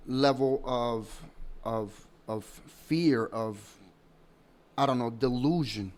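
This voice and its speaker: A man of middle pitch talking through his commentary in a calm, measured way. He pauses and restarts now and then, his tone dismissive as he explains his side. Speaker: commentary channel host. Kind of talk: casual commentary.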